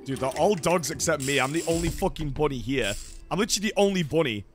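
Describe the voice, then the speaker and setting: A young man narrating a game as he plays, with a high and wildly swinging voice. He swears constantly and flips from chuckling to furious shouting. Faint music plays beneath him. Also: fast talker. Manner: excitable, swears a lot, yells in frustration. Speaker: gaming YouTuber. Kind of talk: casual gameplay commentary.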